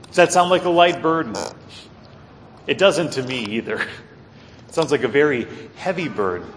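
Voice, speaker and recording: A pastor preaching a sermon with earnest emphasis, swinging between loud stresses and quiet low asides. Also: male voice, animated, moderate pace, reverberant, in a large hall, slight background noise.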